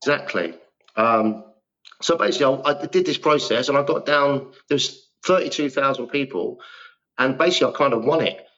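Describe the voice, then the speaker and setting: A man's voice: mid-range voice, moderate pace, a bit bright, muffled recording. A man in his fifties, a guest actor telling rambling, self-deprecating stories in a casual interview. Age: 50s.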